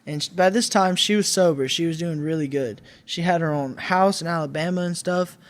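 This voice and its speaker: A man's voice: fairly high pitch, fairly quick. A man in his twenties, a podcast guest, telling his own life story in a candid, conversational way with some restarts. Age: 20s. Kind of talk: personal storytelling.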